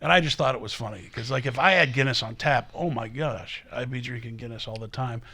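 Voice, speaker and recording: Brief: man co-host, bright forceful voice, discursive and opinionated. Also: mid-range voice, a little fast. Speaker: podcast co-host. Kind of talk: casual chat.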